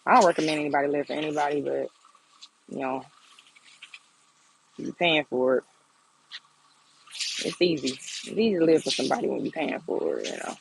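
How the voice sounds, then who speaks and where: A woman's voice: low voice, lively intonation, normal speed, gravelly, pauses often, slight background noise, poor audio. A young woman chatting bluntly and playfully on a phone livestream from her garden. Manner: sassy, blunt, laughs often. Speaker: livestream host. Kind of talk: casual livestream chat. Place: outdoors in a garden.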